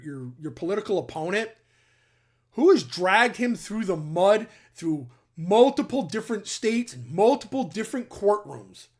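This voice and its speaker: A middle-aged military veteran from the New York or New Jersey area, hosting his own channel with blunt, emphatic opinion talk aimed straight at his viewers. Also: mid-range voice. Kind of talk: opinionated commentary to camera.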